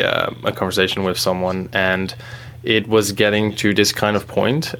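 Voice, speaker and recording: Low-voiced male interviewer. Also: vocal fry, a bit bright. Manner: hesitant, many fillers. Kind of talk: conversational interview.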